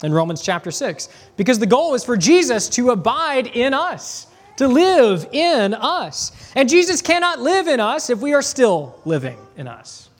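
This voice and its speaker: A man preaching a sermon, reading scripture aloud and asking rhetorical questions, slowing down to stress key phrases. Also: extremely high pitch, big pitch swings. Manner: rhetorical questions, conversational asides.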